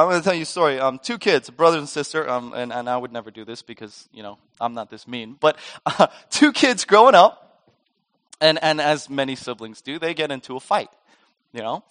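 A pastor giving a sermon, his voice pitched high for a man. He speaks with a lively, swinging delivery and slips into playful voices when he tells a story. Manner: animated storytelling, acts out voices in a joke.

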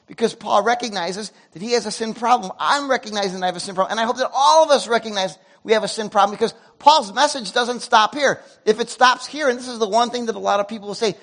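A man preaching a sermon to a congregation, animated, with loud emotional peaks and quiet asides. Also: sits high. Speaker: pastor. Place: church sanctuary before a congregation.

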